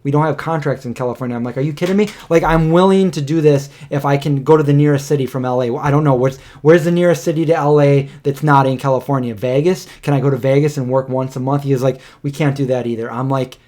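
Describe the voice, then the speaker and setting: A man's voice: mid-range voice, steady tone, fast, hardly any pauses, darkish tone. Rambling man telling a story. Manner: rambling storyteller, acts out quotes. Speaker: podcast co-host. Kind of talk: casual livestream chat.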